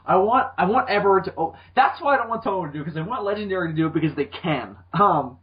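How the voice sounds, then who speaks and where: A man's voice: sits high, animated, fast talker, lo-fi sound. A man co-hosting a casual movie podcast, rambling with lots of ums and joking asides. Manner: rambling with many ums, swearing, jokey voices. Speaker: podcast co-host.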